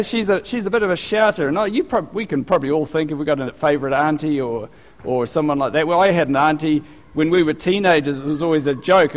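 Chatty animated male preacher, echoing hall. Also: fairly high pitch. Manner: conversational, animated, frequent fillers and restarts. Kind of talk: sermon. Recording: long reverb of a hall.

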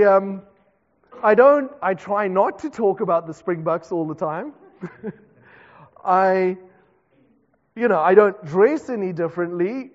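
A South African man, a pastor, preaching a conversational sermon with self-deprecating asides. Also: sits high. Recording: dull reverberant hall recording.

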